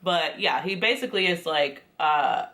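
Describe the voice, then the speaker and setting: A woman's voice: on the low side, moderate pace, pushed and bright. A woman giving a casual, sassy recap of a reality show, chatty and full of quoted asides. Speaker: recap vlogger.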